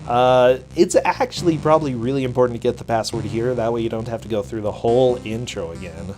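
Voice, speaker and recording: Excitable male race commentator. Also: medium pitch, low-quality recording. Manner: excitable, quick exclamations. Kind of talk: casual live commentary. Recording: faint game music behind.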